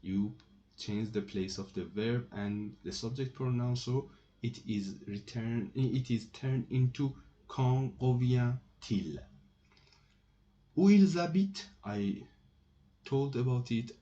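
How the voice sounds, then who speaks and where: A man teaching grammar at a very unhurried pace, patiently saying each example twice. His voice is mellow and dark, and the recording sounds slightly dull and lo-fi. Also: medium pitch. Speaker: French teacher. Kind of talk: slow spoken grammar lesson.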